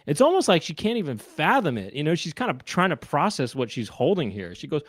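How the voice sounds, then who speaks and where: A man's voice: fairly high pitch, sing-song, a little fast, few pauses, dry recording, studio quality. A man co-hosting a casual online chat show, joking and mimicking the clips he watches. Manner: playful, mimicking. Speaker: co-host.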